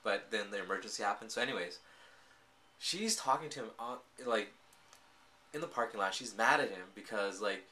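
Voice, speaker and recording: A man casually recapping and reviewing a TV drama, telling the story in an animated way full of filler words. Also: fairly low pitch, moderate pace, a little hiss or hum.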